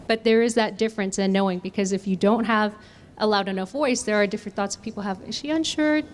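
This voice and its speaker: With slight background noise, a woman speaks quickly at a medium pitch while teaching a communication workshop. She engages the audience with questions and demonstrates how to use the voice.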